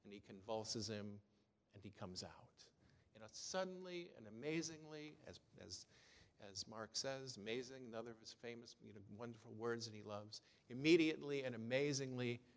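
A man's voice: medium pitch, lively intonation, normal speed. A man preaching a sermon in a conversational way, with many "you know" fillers, in what sounds like a church. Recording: long hall reverb.

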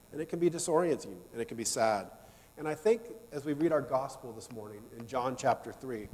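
A man's voice: medium pitch, a little mellow. A man preaching a sermon in a church, talking in a conversational way and asking the congregation questions. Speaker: pastor. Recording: long hall reverb.

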